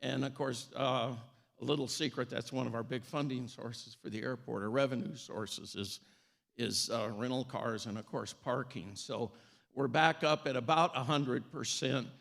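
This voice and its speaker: A man's voice: medium pitch, steady tone, normal speed, vocal fry, a bit bright. Folksy male mayor giving a speech. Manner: folksy, upbeat, with fillers and restarts. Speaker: city mayor. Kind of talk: short public speech.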